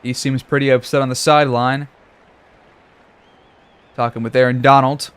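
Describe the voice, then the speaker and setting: A man giving play-by-play commentary over a football video game, reacting loudly to big plays. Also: medium pitch, level tone, moderate pace, smooth, dry recording. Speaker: gaming commentator.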